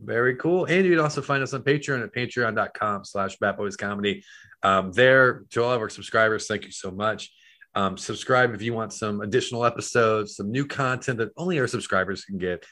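A man's voice: on the low side, a little fast, pushed and bright. A man hosting an improv comedy podcast, giving an upbeat, jokey sign-off. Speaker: podcast host. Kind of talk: improv comedy and show outro.

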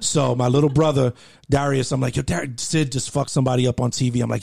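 A man's voice: mid-range voice, fast, gravelly. A young adult man in casual podcast chat, telling stories with lots of laughter and acted-out quotes. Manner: animated storyteller, laughs often, acts out quotes.

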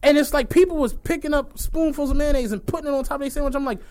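A man co-hosting a casual podcast, telling lively stories and acting out the people in them. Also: extremely high pitch, fast talker. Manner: animated storytelling, acts out quoted people, laughs often. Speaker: podcast co-host.

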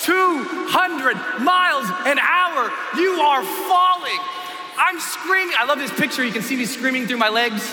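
Expressive male speaker on stage, high and very lively, telling stories with drama; roomy live hall sound. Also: measured pace, raised voice, crowd noise. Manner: expressive, dramatic, acts out scenes with screams. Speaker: motivational speaker. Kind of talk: animated storytelling talk. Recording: echoey hall with ambient noise.

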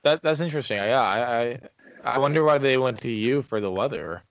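A man's voice: medium pitch, expressive, brisk, muffled recording. A man co-hosting a podcast, chatting casually and reacting briefly to his guest.

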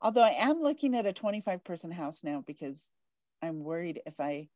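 A woman's voice: lowish voice, very animated, brisk, warm tone, dry recording. Bubbly gushing woman podcast host. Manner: bubbly and gushing, laughs often. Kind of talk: casual interview chat.

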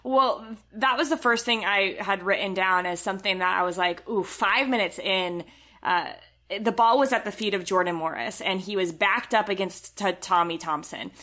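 Animated female co-host, mid pitch, talkative with fillers and a sarcastic edge. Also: normal speed. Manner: chatty, animated, many fillers, a bit sarcastic. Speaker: podcast co-host. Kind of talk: casual soccer podcast chat.

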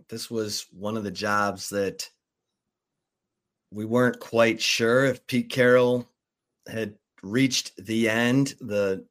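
A man co-hosting a casual sports podcast, reading out breaking news and then musing about it in an unhurried way. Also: lowish voice, a bit bright.

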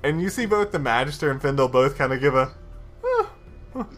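A man narrating a tabletop game as game master in a casual, animated way. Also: mid-range voice, fast, soft background music.

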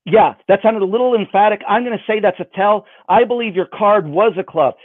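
A man's voice: high voice, fairly quick, dry recording. A man performing magic for someone over a video call, with playful, self-mocking patter. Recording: dry, phone-like band.

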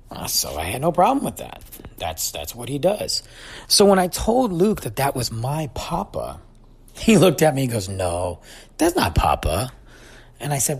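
A man in his forties shares a reflective family story, his voice slightly husky. His pitch rises and falls in a lively way as he talks. He sounds sincere and thoughtful throughout. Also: normal speed. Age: 40s. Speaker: father telling a family story. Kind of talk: personal reflective monologue.

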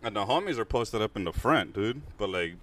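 Young LA dude, kinda low voice, swearing a lot, telling a wild story to his boys. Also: fairly quick. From Los Angeles. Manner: slangy, profane, animated storytelling. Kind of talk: casual storytelling among friends.

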